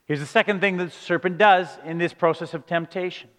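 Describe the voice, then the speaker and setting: A man delivering a sermon with an earnest, emphatic preaching manner, leaning on rhetorical questions. His voice sits high for a man. The sound carries a long hall reverb around it. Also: fairly even intonation, fairly quick, fairly bright tone. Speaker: pastor.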